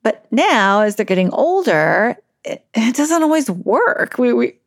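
A woman's voice: on the high side, sing-song, a little slow, no echo, clean studio sound. A woman parenting coach talking in a conversational solo podcast monologue, often laughing and acting out a parent's inner thoughts.

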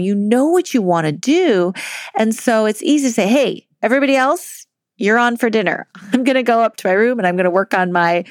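Woman coach hosting a podcast, animated upbeat chat, dry close sound. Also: medium pitch, dry recording. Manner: upbeat, chatty, laughs often, uses "like". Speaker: life coach. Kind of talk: casual solo podcast advice.

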